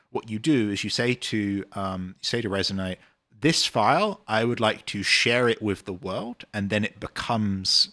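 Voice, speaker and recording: A man's voice: on the low side, a bit bright, no echo. A British man, a game developer, answering chat questions in a rambling, casual livestream Q&A full of ums and uhs.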